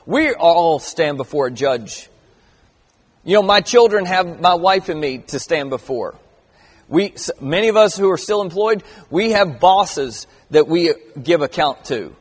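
A man's voice: a little high, lively intonation, a little slow, husky, long reverb tail. A middle-aged man preaching a sermon as pastor, conversational with emphatic stresses, reading scripture aloud.

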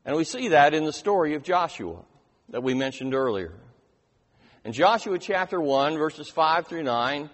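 A man preaching a slow sermon, his voice lively and swinging up and down as he stresses each line of scripture. His pitch sits a little high for a man. His voice carries a long reverb, as if in a large church hall. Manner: emphatic scripture reading, slows and rises on key lines.

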